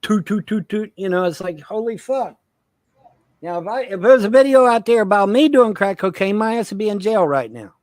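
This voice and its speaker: A man with a fairly high voice talks on a casual livestream, rambling and swearing with heavy emphasis. The sound is dry and close, with no room echo. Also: lively intonation, fairly quick, darkish tone. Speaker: livestream co-host.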